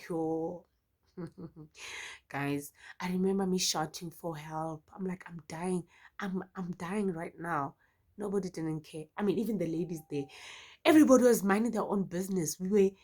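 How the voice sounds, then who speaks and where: A South African woman with a South African accent telling a personal story in a casual vlog, expressive and full of exclamations. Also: deep voice. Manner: expressive, exclamatory, frequent "yo" interjections. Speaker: YouTuber.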